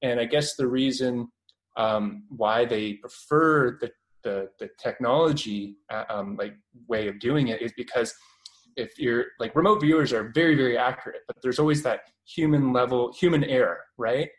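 A man's voice: mid-range voice, normal speed, poor audio. A man in his twenties with a Canadian accent, a guest on a radio interview, talking through his experiences with lots of fillers and restarts. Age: 20s. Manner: hesitant, many fillers and restarts.

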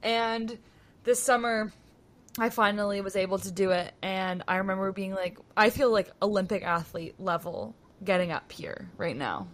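A woman's voice: medium pitch, moderate pace, a bit bright. A young woman co-hosting a podcast, telling stories in a chatty way and saying "like" a lot. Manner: chatty storytelling, says "like" a lot. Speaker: podcast co-host. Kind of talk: casual chat.

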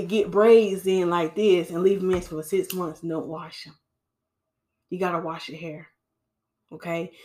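A woman hairstylist hosting a podcast, giving casual hair-care advice in a preachy, animated way and calling listeners sis. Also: on the high side.

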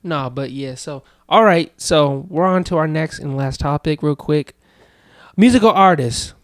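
A young man hosting a relaxed podcast conversation with friends. His voice sits a bit high for a man, and the recording is dry and close. He talks in an easygoing, joking way and lets his lines trail off softly. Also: measured pace, no echo. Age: young adult. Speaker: podcast host. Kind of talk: casual chat.

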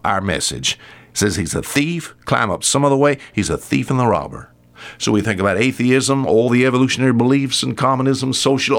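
A male preacher delivering a weekly radio sermon in an emphatic style. His pitch climbs high when he presses a point, then sinks to a low, quiet tone for the serious lines.

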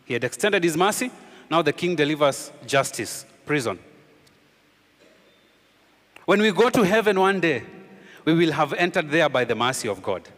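A man preaching a sermon as pastor, emphatic, with rhetorical questions, often sinking low and quiet to drive a point home. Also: sing-song, moderate pace, long pauses, big-room sound.

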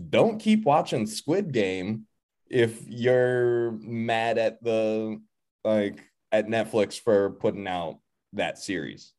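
Male co-host, lowish voice, opinionated and wry in remote chat. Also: a little mellow. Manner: opinionated, jokey asides. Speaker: podcast co-host. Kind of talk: casual chat. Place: home, remote video call.

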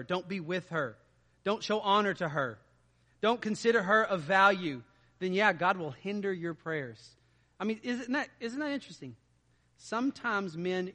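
A man preaching a sermon in a conversational way, dropping to quiet asides and rising to loud emphatic stretches. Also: on the high side, big-room sound. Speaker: pastor.

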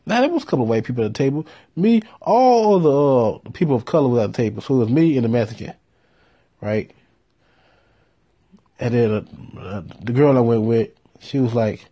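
Man, storyteller, casual, profane, deadpan jokes, warm dark tone. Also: medium pitch, normal speed, long pauses, husky. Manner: laid-back, swearing, deadpan punchlines. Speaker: storyteller host.

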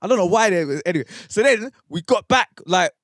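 A man's voice: high voice, quick pace, dry recording, clean studio sound. A young man, co-hosting a podcast and telling a rambling, slang-heavy story. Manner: animated, swearing, slangy storytelling. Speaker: podcast co-host. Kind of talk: casual storytelling. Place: podcast studio.

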